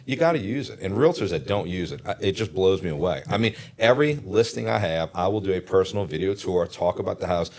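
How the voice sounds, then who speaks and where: Easygoing low-voiced Louisiana broker. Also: male voice, lively intonation, fast talker, hardly any pauses. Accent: South Louisiana. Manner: easygoing, self-deprecating, repeats words as he talks. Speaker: real estate broker, guest. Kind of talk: casual podcast chat.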